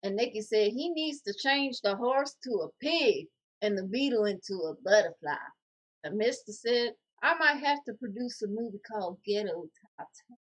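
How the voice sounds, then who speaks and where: A woman co-hosting a casual podcast, reading viewer comments aloud in a jokey, animated way. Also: mid-range voice, normal speed, slightly rough.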